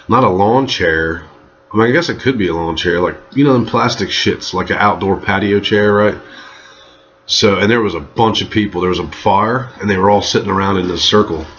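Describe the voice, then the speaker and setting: Deep voiced guy, thirties, swearing his way through a rambling story, kinda dull lo-fi sound. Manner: profane, rambling, animated in quoted lines. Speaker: vlogger telling a personal story. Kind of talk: casual storytelling monologue.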